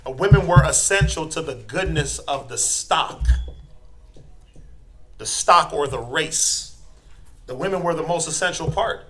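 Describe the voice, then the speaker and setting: A high-pitched, bright-toned American man teaching a class. He jokes as he goes and acts out short voices in lively asides. His delivery is loose and conversational. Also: unhurried, pauses often. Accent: American English. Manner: animated, joking, acts out quoted voices.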